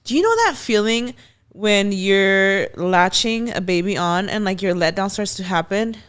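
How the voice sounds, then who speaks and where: A woman's voice: mid-range voice, unhurried, a bit bright, clear, resonant tone. A pregnant young woman co-hosting a podcast in a studio, chatting casually with many fillers and talking to viewers. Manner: chatty, lots of "like", addresses viewers. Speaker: podcast co-host. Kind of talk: casual chat.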